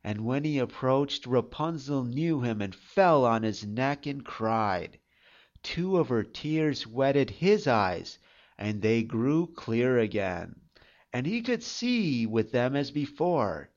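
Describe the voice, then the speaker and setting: A storyteller reading a fairy tale aloud in an expressive, unhurried manner. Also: medium pitch, dull audio.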